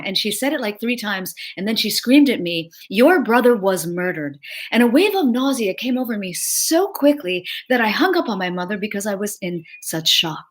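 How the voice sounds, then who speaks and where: A middle-aged woman giving an earnest, emotional personal testimony, slowing down for emphasis. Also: mid-range voice. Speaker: speaker sharing a personal story.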